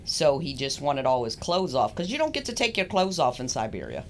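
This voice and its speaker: Lively, teasing woman podcaster. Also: a bass voice, a little fast, a little hiss or hum. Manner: playful, teasing, giggly. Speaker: podcast co-host. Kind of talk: casual banter.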